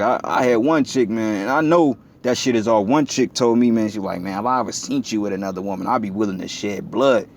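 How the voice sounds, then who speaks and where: A man's voice: lowish voice, darkish tone, a little hiss or hum. A man giving a preaching commentary, talking blunt and profane in a street style that gets heated. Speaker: religious video commentator.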